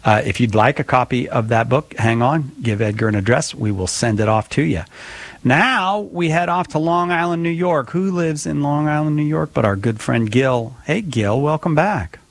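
A man's voice: a little high, normal speed, no room sound. A man hosting a call-in radio show, upbeat as he introduces callers.

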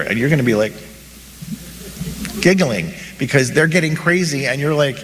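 A man's voice: medium pitch, expressive, moderate pace, long pauses, a bit bright. A male Catholic priest talks his congregation through a story in an easy, conversational sermon, playing out little dialogues as he goes. His voice carries a long reverb from a large hall, with a faint hum of noise underneath. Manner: storytelling, acts out imagined dialogues.

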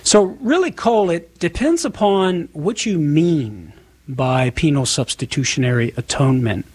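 Southern guy on the radio explaining things step by step, kinda husky voice. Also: on the high side, animated, unhurried, darkish tone. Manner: methodical, lecturing explanation. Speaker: apologist guest.

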